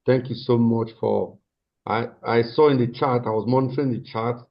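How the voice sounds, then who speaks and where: A man's voice: medium pitch, fairly even intonation, moderate pace. A man moderating an online meeting, giving effusive, stammering praise and thanks. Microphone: video call. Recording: dull lo-fi video call audio.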